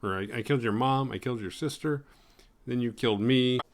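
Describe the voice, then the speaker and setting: A man's voice: medium pitch, a little fast, close to an everyday voice. A man voicing a grudge-holding undead male slasher who grumbles about being wronged. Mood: aggrieved.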